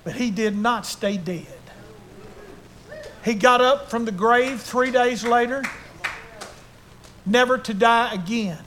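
A man's voice: very high voice, takes it slowly, long pauses, fairly bright tone, slight background noise. An older man preaching a sermon to his church, fervent and emotional in his delivery. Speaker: pastor.

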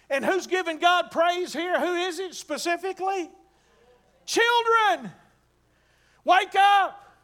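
A male pastor preaching a sermon in a church, building to fervent, drawn-out proclamations and calling out to the congregation. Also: very high voice, fairly bright tone. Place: church sanctuary.

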